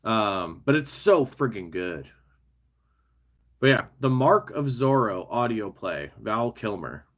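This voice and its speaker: A man's voice: lowish voice, sing-song, slow. A man talking casually as he builds a toy set, rambling, muttering to the pieces and laughing at himself. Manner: chatty, self-mocking, often laughing to himself; mutters and talks to the pieces while fiddling.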